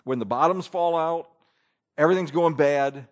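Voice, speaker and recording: A man preaching a sermon, emphatic, swinging between loud declarations and hushed asides. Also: on the high side, normal speed.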